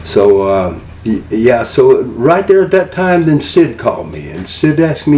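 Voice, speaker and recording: An older man guesting on an interview spins rambling, folksy stories about his career, often restarting his sentences. His warm mid-range voice is very animated, at a measured pace with hardly any pauses, recorded from a distance in an echoey room with a faint hum.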